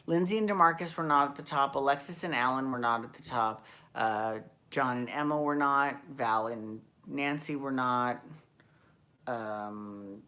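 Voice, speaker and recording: A woman's voice: very deep voice, measured pace, sharp tone, slight background noise. A woman hosting a casual recap show, rambling and chatty with frequent restarts and the odd swear. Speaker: podcast host recapping dance shows. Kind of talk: casual chat.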